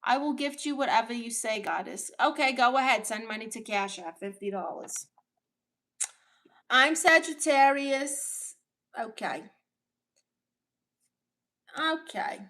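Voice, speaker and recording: Brooklyn-accented woman host, a touch high-pitched, sassy and unapologetic, chatting with viewers on a stream. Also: brisk, hardly any pauses, a bit bright. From Brooklyn, New York. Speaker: livestream host. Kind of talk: casual livestream chat reading viewer comments.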